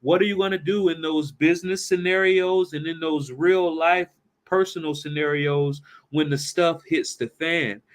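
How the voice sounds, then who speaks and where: Male seminar presenter, chatty storyteller, fairly high voice. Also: steady tone, moderate pace. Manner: conversational, asks rhetorical questions. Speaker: financial workshop presenter.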